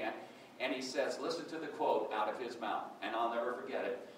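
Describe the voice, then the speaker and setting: A man's voice: mid-range voice, a little fast, fairly bright tone, a little hiss or hum. A man giving a personal testimony to a workshop audience, telling his story conversationally and acting out the dialogue. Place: workshop room. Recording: echoey room from far off.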